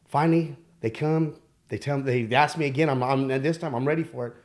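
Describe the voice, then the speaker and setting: A man telling his own life story as a podcast guest, candid and halting, with many fillers and restarts. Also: mid-range voice. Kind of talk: personal storytelling.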